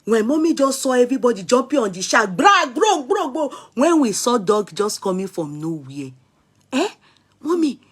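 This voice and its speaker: Middle-aged Nigerian woman telling a lively story. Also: a little high, moderate pace, husky. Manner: animated, dramatic retelling with rises and soft asides. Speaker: vlogger. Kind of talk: casual storytelling.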